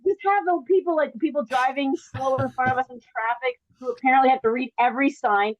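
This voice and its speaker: On a virtual show, a woman comedian delivers a rambling stand-up set by video call in a high voice, talking fast with hardly any pauses. The audio is dull with no echo. She keeps breaking off and restarting sentences and laughing at her own material.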